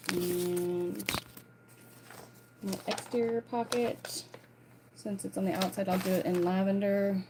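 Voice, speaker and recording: A woman's voice: mid-range voice, little pitch movement, slow, long pauses, noisy background. A woman leading a casual sewalong tutorial, chatting and thinking aloud as she plans and cuts her fabric pieces. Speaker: sewing instructor.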